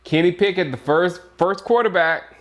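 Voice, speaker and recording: A man casually reacting out loud to a sports draft, laughing often and swinging between disbelief and grumbling. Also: high-pitched, moderate pace. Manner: animated, laughing, jumps between shock and grumbling. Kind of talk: casual live reaction chat.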